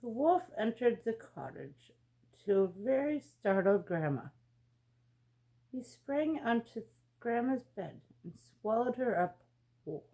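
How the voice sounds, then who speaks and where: A woman reading a fairy tale aloud as a storyteller, in a slow, expressive read-aloud manner. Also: on the high side.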